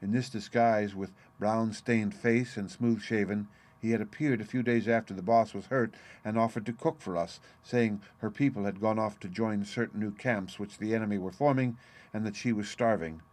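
A man narrating a classic novel chapter for an audiobook in a measured, even storytelling delivery. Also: fairly low pitch. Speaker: audiobook reader. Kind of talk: scripted narration.

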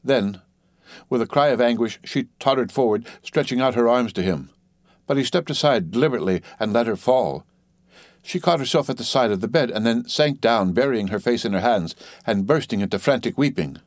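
A man narrating a novel as a steady, dramatic audiobook reading, lightly voicing the dialogue. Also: medium pitch, fairly quick, no room sound, clean studio sound.

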